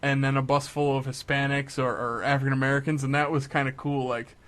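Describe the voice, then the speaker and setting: A young man chatting casually on a podcast, telling a story with lively acted-out quotes. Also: medium pitch, quick pace. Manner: animated storyteller, acts out quotes. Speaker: podcast co-host.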